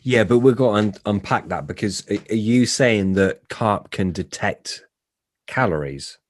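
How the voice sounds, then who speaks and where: A man's voice: fairly low pitch, lively intonation, measured pace, dry recording, studio quality. A man hosting a podcast, asking blunt questions in a casual, sweary manner. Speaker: podcast host.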